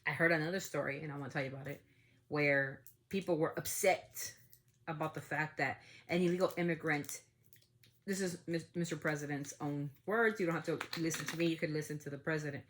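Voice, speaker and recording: A woman's voice: deep voice, fairly even intonation, a little fast, a bit bright. A woman hosting a family podcast, talking in a heated, outspoken way and swearing freely. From United States. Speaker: podcast host. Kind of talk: casual opinion talk.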